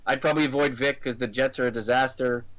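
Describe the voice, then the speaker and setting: An American man co-hosting fantasy football radio, giving quick joking analysis in casual chat. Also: mid-range voice, fairly even intonation, a bit bright, lo-fi sound. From United States.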